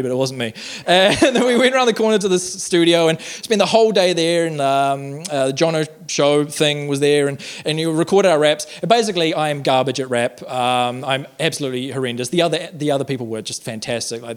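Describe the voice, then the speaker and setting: A young man tells a rambling, self-deprecating story on stage into a handheld mic. His voice sits a little high, and he swears freely. He fills his sentences with ums and uhs. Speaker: stand-up comedian. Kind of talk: stand-up storytelling. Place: comedy venue with audience. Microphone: handheld microphone.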